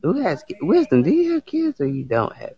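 Excitable, slangy male streamer, animated pitch, gravelly edge. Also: fairly quick, highs cut off. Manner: laughs a lot, excitable, slangy. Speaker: live stream host. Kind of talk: casual live stream chat.

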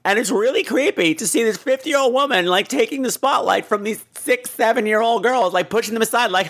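A man hosting a podcast, giving a campy, profane and animated comedic film review. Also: extremely high pitch, fairly quick, few pauses. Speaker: podcast host.

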